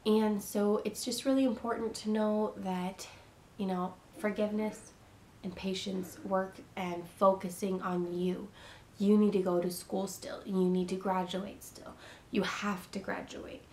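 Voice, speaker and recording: A young woman talks straight to the camera in a casual advice vlog, earnest and reassuring, repeating herself to press each point home. Her voice sits in an ordinary middle register. A faint low rumble hums under the recording. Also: flat delivery, a little slow, dark tone. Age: young adult. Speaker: vlogger giving advice to teen parents.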